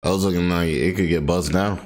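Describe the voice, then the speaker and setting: A man's voice: sits low, steady tone, fairly quick. A man, reacting to a video on stream in a joking, slangy way, laughing often and restarting sentences. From Atlanta, USA. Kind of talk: casual reaction commentary.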